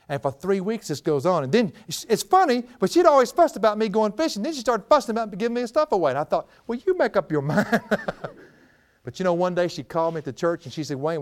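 Folksy laughing preacher man. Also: on the high side. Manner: folksy, animated, laughs often. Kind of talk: storytelling sermon.

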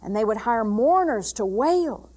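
High-voiced woman preaching with dramatic swings. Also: lively intonation, measured pace. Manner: swings from loud emphatic bursts to hushed, intimate passages. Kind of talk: sermon.

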